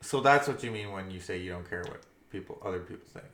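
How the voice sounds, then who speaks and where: A man's voice: deep voice, expressive, fast talker, a bit bright, reverberant. A man co-hosting a podcast in casual chat, hesitant and often restarting his sentences. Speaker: co-host.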